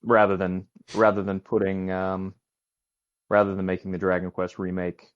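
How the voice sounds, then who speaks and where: A man's voice: sits low, completely flat delivery, normal speed, no room sound, dull audio. A middle-aged man co-hosting a gaming podcast in casual chat, hesitant with many ums, making wry jokes. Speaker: podcast co-host.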